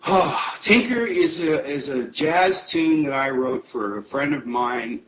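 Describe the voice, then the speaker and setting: A man's voice: fairly high pitch, expressive, takes it slowly, low-quality recording. A man, a guest musician, chatting animatedly in an interview and chuckling as he tells a story. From Canada. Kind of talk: casual interview chat.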